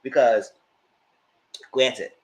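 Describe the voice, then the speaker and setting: A man giving a casual, animated recap of a reality show, slipping into mock voices as he retells scenes. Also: mid-range voice, extremely slow, poor audio.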